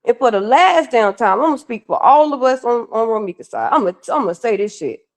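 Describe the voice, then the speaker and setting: A woman's voice: a little high, lively intonation, quick pace. A woman co-hosting a live stream, ranting bluntly and with lots of profanity while talking to her viewers. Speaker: livestream co-host. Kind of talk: heated casual live commentary.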